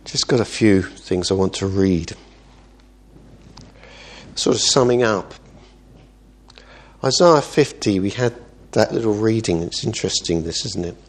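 A man preaching as a pastor, earnest, moving between quiet asides and emphatic exhortation. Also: fairly low pitch, measured pace, long pauses. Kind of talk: sermon.

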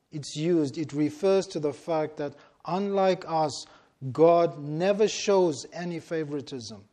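Slow, deliberate male preacher. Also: a little high, warm tone. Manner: slow, deliberate and emphatic, stressing key words with long pauses. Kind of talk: sermon.

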